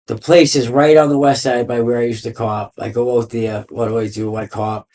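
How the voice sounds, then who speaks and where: A man's voice: medium pitch, little pitch movement, normal speed, a little mellow. A man, a podcast guest telling his story in a rambling, profane way, full of "like" and "you know.". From Boston area. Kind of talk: casual interview storytelling.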